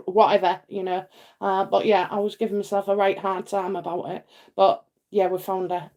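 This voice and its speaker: A woman's voice: medium pitch, little pitch movement, brisk, a little mellow. A middle-aged woman from England hosting a live psychic stream, chatting in a rambling way full of fillers and repeats. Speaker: psychic livestream host. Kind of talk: casual livestream chat and readings.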